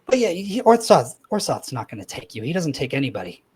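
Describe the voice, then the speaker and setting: A brash, excitable little female tinkerer who blurts everything out at full volume, as a man puts her on. The voice is pushed high and shrill with a husky grain underneath, and it is clearly a performed character voice. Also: fairly quick, full character voice. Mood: blunt.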